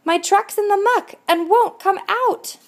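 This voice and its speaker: A woman voicing an angry male duck stuck in a truck in a picture book, snapping her lines loudly. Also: sing-song, measured pace, heavily acted. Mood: cross. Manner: snapping, loud and high.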